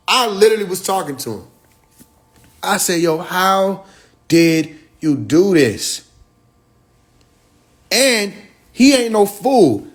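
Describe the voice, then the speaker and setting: A high-pitched man talks into his livestream. He preaches loose and emphatic, with plenty of profane slang. He rushes through some lines and stretches others out slowly. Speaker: livestream host. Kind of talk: casual livestream monologue.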